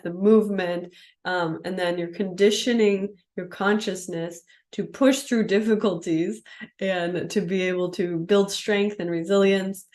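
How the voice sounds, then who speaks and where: A woman's voice: medium pitch, a little mellow. Casual woman teaching a yoga class. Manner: casual, explaining and demonstrating moves. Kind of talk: live online class instruction.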